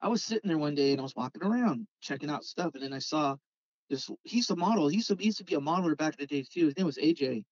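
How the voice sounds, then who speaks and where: This guest, a Southern Californian who customizes Hot Wheels, races through a rambling, casual story about toy car customizing, animatedly voicing his friends as he goes. His voice is a little high, and the lo-fi recording has no room sound.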